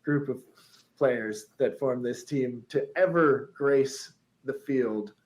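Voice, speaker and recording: A man's voice: medium pitch, slow pace, rough recording. A man co-hosting a podcast, telling a story in a chatty way, laughing often and reading quotes aloud.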